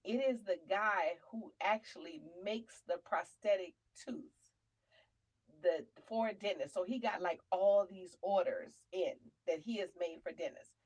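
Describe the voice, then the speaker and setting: A woman comedian and show host telling a funny personal story, chatty and animated, calling listeners honey and slipping into faith testimony. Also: mid-range voice, a little slow, slightly rough, highs cut off. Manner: testimony-style preaching about faith.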